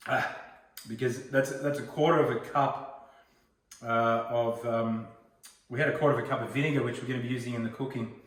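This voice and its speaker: A man's voice: mid-range voice, fairly even intonation, a little fast. A man in his forties with an Australian accent, chatting casually as he hosts a home cooking video and tells rambling stories. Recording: roomy echo, mic far off.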